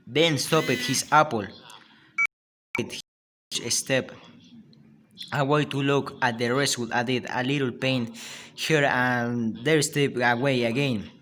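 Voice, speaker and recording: A man with a Spanish accent, a native Spanish speaker and a student, reading a story aloud in a halting way with frequent restarts. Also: medium pitch, fairly bright tone.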